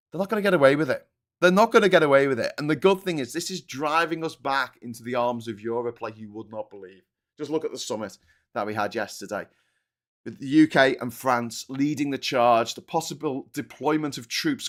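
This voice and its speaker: A man's voice: on the high side, fairly bright tone. A man hosting a political livestream, ranting angrily with heavy swearing and frequent restarts. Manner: angry, profane, ranting with restarts. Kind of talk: heated political commentary.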